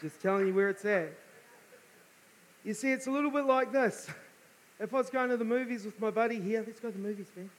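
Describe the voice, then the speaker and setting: Man, New Zealand accent, guest preacher, high voice, casual chatty sermon, light hiss. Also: fairly quick, pauses often, low-quality recording. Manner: casual and chatty, playful banter with the congregation. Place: church service, live before a congregation.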